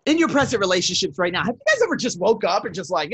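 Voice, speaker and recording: A man hosting a self-help podcast, telling casual stories with swearing and laughter, swinging between loud and soft. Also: high voice, very animated, fast, breathy edge, no echo. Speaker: podcast host. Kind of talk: casual storytelling monologue.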